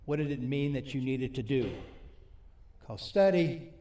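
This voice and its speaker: A man preaching at a recovery ministry meeting, putting questions to his audience and reading scripture slowly. His voice sits at a middle pitch. It rings through an echoey hall and is picked up from some distance. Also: lively intonation, warm tone. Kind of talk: sermon.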